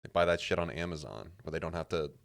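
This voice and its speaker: A man's voice: extremely low pitch, fast, gravelly. A man from Canada streaming a puzzle game, rambling and joking with casual swearing as he plays. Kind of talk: casual gameplay commentary.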